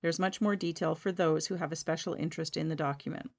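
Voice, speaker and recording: A woman hosting a local community show, reading local history and an old newspaper clipping aloud in a measured, steady way. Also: deep voice, a little hiss or hum. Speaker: community podcast host.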